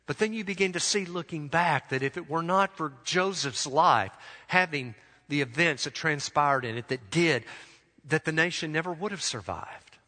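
A pastor delivers an earnest sermon in a bright, forceful voice that sits a little high. He slows down to drive a point home. A long reverb trails his words around a church sanctuary. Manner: earnest preaching, slows for emphasis.

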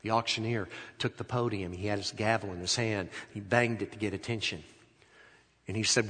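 A man preaching a sermon who tells a story dramatically, swinging between loud and hushed, in a large church hall. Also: fairly low pitch, steady tone, a little fast, slightly rough. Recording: echoey hall.

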